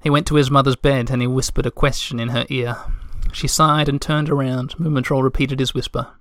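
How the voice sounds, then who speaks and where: A man's voice: medium pitch, level tone, a little fast, a bit bright, no room sound. Man reading a storybook, dry sound. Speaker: narrator.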